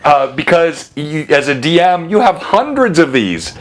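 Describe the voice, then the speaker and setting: A man's voice: a little high, very animated, measured pace, crowd noise. A man hosting a live stream as a game master, chatting casually, interrupting himself and laughing often. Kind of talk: casual livestream chat.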